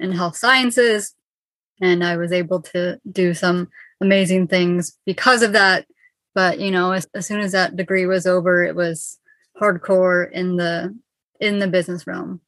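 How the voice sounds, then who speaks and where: A woman in her twenties from Ontario, speaking calmly and soothingly as an interview guest on a video call. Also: mid-range voice, no room sound. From Ontario, Canada. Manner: calm, soothing, measured. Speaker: guest, mindset coach.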